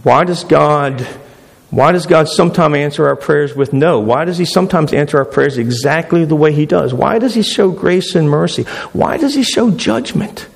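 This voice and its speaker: A pastor delivering a sermon, his voice sitting a little high for a man. He speaks emphatically and hammers home his points by repeating phrases. The sound carries a long reverb from a large hall. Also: moderate pace, gravelly.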